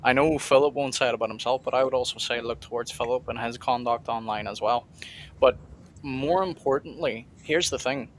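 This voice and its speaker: A man's voice: mid-range voice, brisk, a little hiss or hum. A man hosting a livestream discussion, speaking bluntly and directly as he steers the talk. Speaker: stream host and debater.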